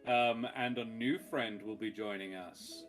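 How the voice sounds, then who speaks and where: A man's voice: on the low side, a little slow, over music. A man, a tabletop game player, chatting casually before a session, rambling and joking and laughing often. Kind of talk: casual pre-game chat.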